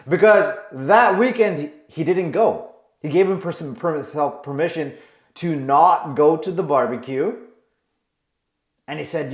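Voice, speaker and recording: A man's voice: fairly high pitch, lively intonation, moderate pace. A man giving advice as a coach, telling a client's story and pressing listeners with emphatic rhetorical questions. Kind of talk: advice monologue. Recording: roomy echo.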